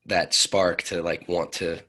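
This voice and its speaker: A man with a deep, husky voice tells stories in loose, relaxed conversation. He talks as a podcast guest, easygoing and unhurried in his phrasing. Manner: laid-back storytelling with loose phrasing. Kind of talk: casual conversation.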